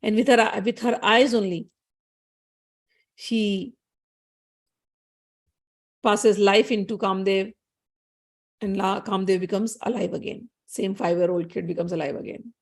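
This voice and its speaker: A woman's voice: mid-range voice, fairly even intonation, measured pace, long pauses. Woman telling a spiritual story conversationally. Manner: conversational, with restarts and explanations.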